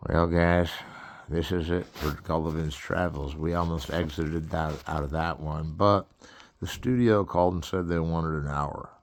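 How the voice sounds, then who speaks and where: A man's voice: a bass voice, fairly even intonation, unhurried. A man hosting a loose, jokey cartoon critique, rambling through improvised commentary and slipping into mock-grand phrasing. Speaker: comedic film critic host.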